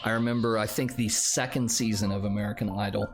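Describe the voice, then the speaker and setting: A man's voice: on the low side, steady tone, fast talker, music in the background. A man streaming a story game, reading the text aloud and commenting casually with a wry tone.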